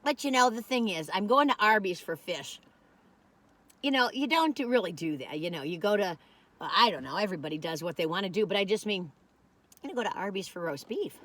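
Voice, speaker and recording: A woman's voice: mid-range voice, animated, fairly quick, a bit bright. A middle-aged woman, chatting and rambling in a folksy way while taste-testing food. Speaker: food reviewer. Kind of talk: casual taste-test chat.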